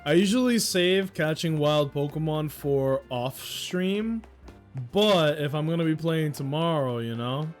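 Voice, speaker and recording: A man's voice: a little high, animated, a little slow, faint music behind. A man streaming a game, chatting casually with friends and joking with plenty of swearing, riffing on the game's dialogue. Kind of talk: casual let's-play commentary with friends.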